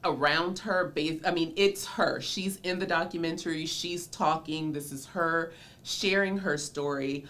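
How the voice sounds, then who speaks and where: A woman in her forties with a notably low, deep speaking voice hosts her own podcast. She talks in a loose, chatty way, drifting into nostalgia, laughing often, and tossing in a friendly "y'all" as she addresses listeners directly. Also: unhurried, fairly bright tone. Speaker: podcast host and mother. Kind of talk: casual solo podcast chat.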